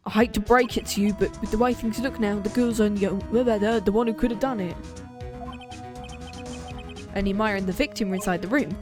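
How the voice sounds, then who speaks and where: A young woman streaming a game, reading its dialogue aloud and chatting with quick reactions. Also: mid-range voice, music in the background.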